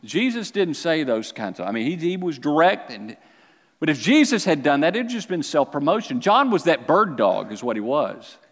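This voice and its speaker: A man preaching a sermon as a pastor, with animated delivery that climbs to near-shouts and then drops low. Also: normal speed. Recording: long hall reverb.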